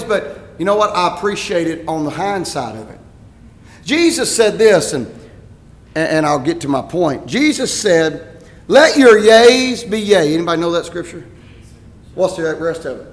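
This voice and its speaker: A pastor telling a story in his sermon, animated and rising to shouts at times. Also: a little high. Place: church sanctuary. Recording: echoey church hall.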